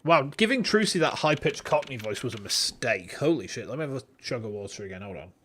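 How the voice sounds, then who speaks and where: A streamer chatting casually and excitedly between game lines, joking around. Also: medium pitch, fast talker, faint music behind.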